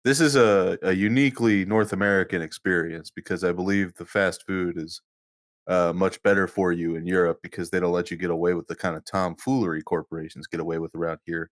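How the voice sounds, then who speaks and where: A man with a fairly low voice co-hosts a casual podcast. He gives profane, mock-serious asides and explains things at length in a loose, conversational way. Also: fairly even intonation, a little fast. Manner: crude, mock-serious humor. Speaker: podcast co-host.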